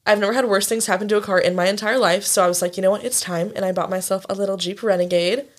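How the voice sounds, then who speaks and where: A woman's voice: mid-range voice, steady tone, very fast. A young woman chats casually as a podcast co-host. She tells her stories animatedly, with plenty of fillers and some swearing. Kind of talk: casual chat.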